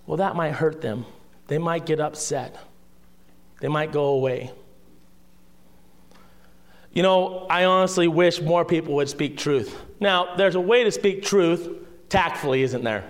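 A man preaching a sermon in a conversational way, asking rhetorical questions and dropping to a hushed voice for emphasis. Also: on the high side, a little slow, long pauses. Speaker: pastor.

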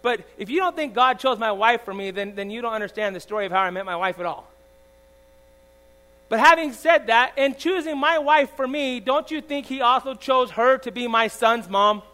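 A man's voice: very high-pitched, animated, moderate pace, rough recording. Impassioned preacher in his forties. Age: 40s. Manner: swings from loud emphatic preaching to soft confiding asides; checks in with the congregation with frequent "all right?". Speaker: pastor. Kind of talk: sermon. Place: church. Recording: faint mains hum.

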